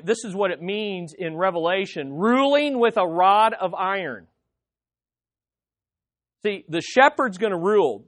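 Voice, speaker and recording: Pastor preaching hard, throws questions at the crowd, asks for amens, goes big then drops real quiet. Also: mid-range voice. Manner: dramatic preaching with rhetorical questions and calls for amen; swings between loud emphasis and soft hushed lines. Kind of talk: sermon.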